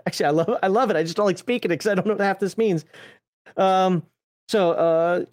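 A man's voice: sits high, brisk. A man chatting casually as a streamer while paging through tabletop game books, rambling, swearing offhand and laughing at himself. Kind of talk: casual chat.

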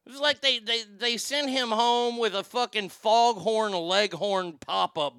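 A man's voice: high voice, measured pace, hardly any pauses, fairly bright tone, smooth, no room sound, studio quality. A man hosting a casual, profane, sarcastic comedic rant. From Texas. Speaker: host.

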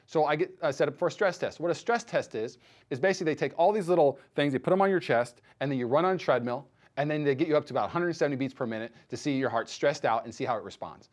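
A male pastor in his thirties delivers a sermon at a rapid clip, his voice sitting a bit high for a man. He tells stories with lively acted-out dialogue, switching into the voices of the people in them. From United States. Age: 30s. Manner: animated storytelling, acts out quoted voices.

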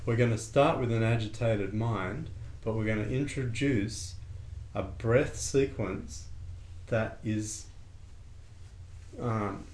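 Calm man teaching breathing in an echoey room. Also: on the low side, slow pace. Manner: calm, conversational, acts out little dialogues. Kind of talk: relaxed spoken lesson with a student. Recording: echoey room with faint ambient noise.

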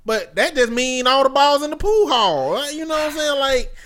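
A man's voice: very high-pitched, lively intonation, moderate pace, fairly bright tone. A man co-hosting a podcast in casual banter, joking and emphatic, laughing often. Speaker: podcast co-host.

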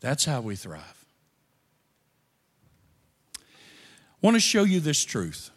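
A man preaching a sermon as pastor, animated, with quiet asides. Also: on the high side, slow, slightly rough. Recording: long reverb of a large hall.

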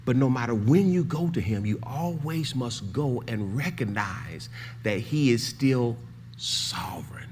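An older man preaching a sermon as pastor, swinging from shouted pleading to hushed, low emphasis. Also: lively intonation, a little slow, slight background noise.

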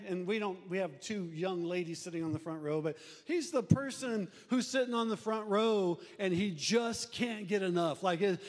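A middle-aged male pastor preaching a conversational sermon, animated and acting out church members. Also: high voice. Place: church sanctuary. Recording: long reverb of a church hall.

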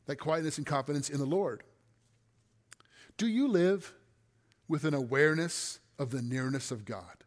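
A man preaching with an earnest, steady delivery, his voice sitting a little high for a man. He often sinks to a hushed, soft tone on key phrases. A long reverb trails behind him as in a large hall. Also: normal speed, long pauses. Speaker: pastor. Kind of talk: sermon.

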